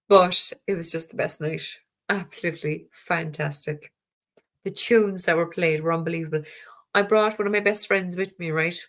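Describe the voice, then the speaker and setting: A woman's voice: on the low side, fairly bright tone. An Irish woman hosting a tarot live stream, chatting casually and rambling with frequent fillers and the odd casual swear word. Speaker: tarot livestream host.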